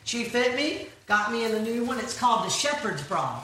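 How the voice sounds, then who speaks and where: A woman's voice: a little high, big pitch swings, moderate pace. A middle-aged woman telling folksy jokes with punchlines and quizzing the crowd, speaking to a church audience. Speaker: Christian comedic speaker. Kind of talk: comedic church talk. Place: large church hall. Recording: very echoey hall, distant mic, room noise.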